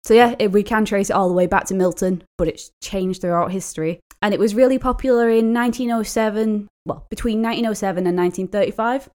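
A woman's voice: medium pitch, quick pace, hardly any pauses, a little mellow. A woman co-hosting a casual podcast, explaining word origins with fillers and light laughter. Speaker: podcast co-host.

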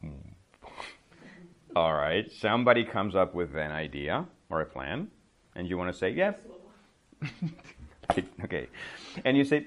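A thirtysomething English teacher with a somewhat low voice gives a relaxed, casual spoken lesson. He chats through everyday phrases, laughs easily, and slips into quick acted-out examples.

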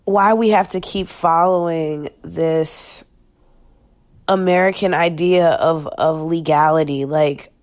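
A woman's voice: sits low, fairly even intonation, slow pace, darkish tone. A woman talking candidly as a podcast guest, blunt and profane, often restarting her sentences. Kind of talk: candid personal reflection.

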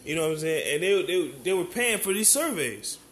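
American guy ranting to camera, kinda high voice, swears a lot and rambles, keeps saying you know what im saying. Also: sing-song, a little fast, fairly bright tone, slight background noise. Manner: profane, rambling, heated. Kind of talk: ranting monologue.

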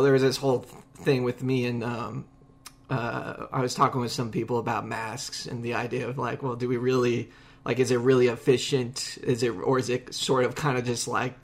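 A man hosting a podcast in casual conversation, rambling and animated, with many restarts. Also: medium pitch. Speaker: podcast host.

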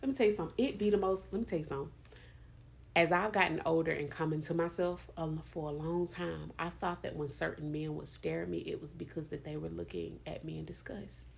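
A woman's voice: deep voice, steady tone, brisk, gravelly. Blunt, profane woman podcast host. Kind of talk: candid casual chat.

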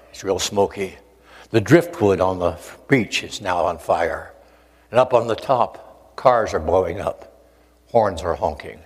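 An older male preacher from the Oregon coast, telling a personal story in an animated way, acting out voices and joking with the listeners. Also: low voice, breathy edge. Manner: animated storyteller, acts out voices, jokes with audience. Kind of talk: storytelling testimony sermon. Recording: long hall reverb.

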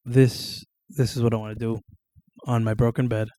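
A young man hosts his own podcast at home on camera, delivering a casual solo monologue that rambles with plenty of fillers, restarts and offhand swearing. His mellow voice sits at medium pitch with little pitch movement and a moderate pace.

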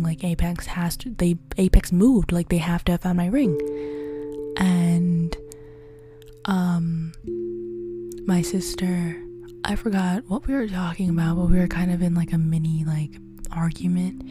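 A woman speaking a personal confessional diary, softly and often in a whisper, halting and introspective. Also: fairly low pitch. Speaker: podcast diarist. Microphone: audio on one channel only. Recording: music playing behind.

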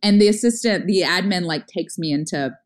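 A middle-aged woman telling a story in casual conversation, talking fast with lots of filler words and acting out what people said. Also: lowish voice. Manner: fast, chatty, lots of "like" fillers, acts out her own past lines. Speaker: guest, startup founder.

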